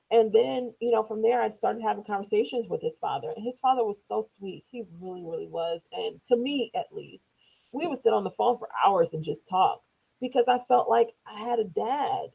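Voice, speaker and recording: Woman telling her own story on a tinny phone-like recording, gravelly voice, does the voices when she quotes people. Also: medium pitch, a little fast. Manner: acts out quoted speech in raised voices. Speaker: interview guest. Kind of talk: personal storytelling.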